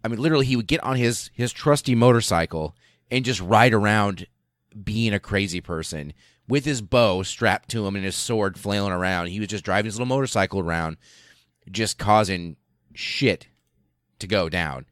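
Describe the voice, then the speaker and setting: Low-voiced, profane podcast host. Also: male voice, normal speed, fairly bright tone, no room sound, studio quality. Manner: profane, rambling, with laughs and many fillers. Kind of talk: casual history storytelling.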